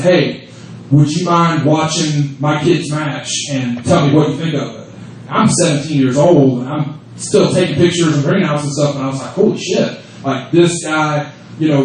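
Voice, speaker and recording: A man in his thirties telling profane, lively stories and laughing often as a guest at a fan Q&A panel. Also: a little high, recorded from a distance, slight background noise. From United States. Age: 30s. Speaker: wrestling promotion creative head on a fan panel. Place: convention room at a fan event. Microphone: phone held in the audience. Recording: echoey room, phone recording from the audience.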